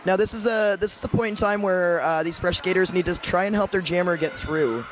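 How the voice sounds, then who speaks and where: A man commentating roller derby live, giving steady play-by-play with dry quips. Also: high voice, a little fast, background noise.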